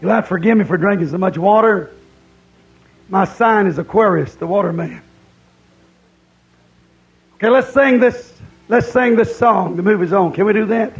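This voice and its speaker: A man's voice: high-pitched, moderate pace, gravelly, long pauses, lo-fi sound, soft background music. A man preaching a camp-meeting sermon, emphatic and repeating his points.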